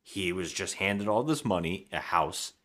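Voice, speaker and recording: A man with a very low voice talks through a movie's plot on a podcast. His delivery swings widely in pitch, and he acts out the characters' lines as he retells each scene. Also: expressive, unhurried, pushed and bright. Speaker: podcast co-host. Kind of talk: casual movie-review chat.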